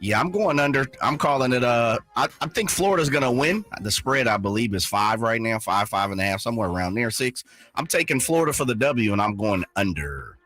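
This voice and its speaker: Male radio regular, animated pitch, chummy delivery. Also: brisk, faint music behind. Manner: lively, chummy, calls people brother. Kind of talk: casual sports talk.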